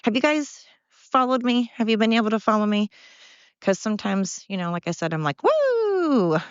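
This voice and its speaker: A woman's voice: mid-range voice, a little fast, clear, resonant tone, no room sound, highs cut off. A breathless woman rambling bluntly into her phone as she walks outdoors with her dogs, swearing freely and drifting between topics. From Oregon, USA. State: out of breath from walking. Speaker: podcast host. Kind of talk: rambling walk-and-talk monologue. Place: outdoors by a river, walking dogs. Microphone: phone held while walking.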